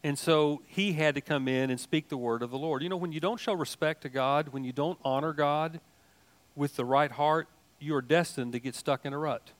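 An older man preaching a sermon in a folksy, animated way, mixing asides and jokes into his teaching. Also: fairly high pitch, moderate pace. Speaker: pastor.

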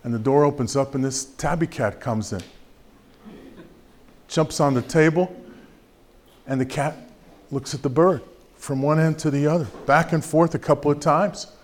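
A man addressing an audience, telling a joke in a casual, halting way with fillers. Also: fairly high pitch, slight background noise. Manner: conversational, halting with fillers, acts out the characters. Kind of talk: storytelling a joke.

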